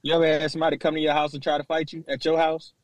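A man chiming in on a casual sports chat, repeating himself in rapid bursts. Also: on the high side, completely flat delivery, no room sound.

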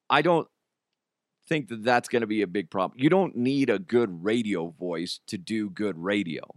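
A man's voice: lowish voice, expressive, unhurried, no room sound, clean studio sound. A man hosting a podcast, giving casual, opinionated commentary with joking asides while trying not to lose his voice. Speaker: podcast host.

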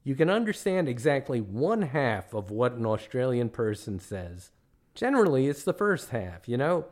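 A man's voice: medium pitch, sing-song, moderate pace. A middle-aged man from the United States, a podcast host telling comic travel stories with dry, self-mocking jokes. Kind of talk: comic storytelling narration.

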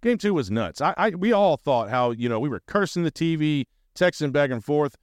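A man's voice: mid-range voice, animated, normal speed, clear, resonant tone, no echo, studio quality. A man hosting a sports podcast, talking casually and animatedly as a fan, rambling and swearing freely. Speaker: podcast host.

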